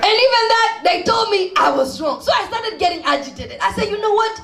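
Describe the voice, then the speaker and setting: A woman telling comic stories on stage, acting out the people in them and laughing and shouting as she goes. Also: extremely high pitch, expressive, brisk, gravelly. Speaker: stand-up comedian and spoken-word poet. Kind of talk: stand-up storytelling with poetry. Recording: echoey room.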